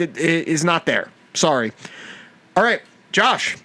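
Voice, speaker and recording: A man's voice: a little high, lively intonation, a little slow, sharp tone. A young man hosting a casual sports podcast, ranting and mocking teams with heavy profanity. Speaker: podcast host.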